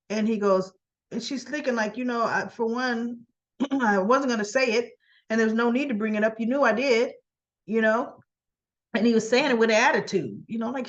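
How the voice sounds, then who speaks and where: A woman chats her way through a soap opera recap, acting out the characters' lines and clearing her throat now and then. Her voice sits at an ordinary middle pitch. The recording sounds a little dull and lo-fi. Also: expressive, normal speed. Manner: chatty, acts out dialogue in quotes, frequent throat clearing. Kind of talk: casual retelling of episode scenes.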